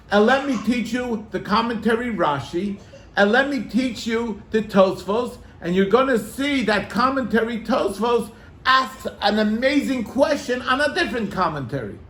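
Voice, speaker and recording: Rabbi, man, lively storyteller with a high voice, echoey room. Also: normal speed. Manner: animated, acts out quoted voices. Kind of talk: storytelling to a congregation.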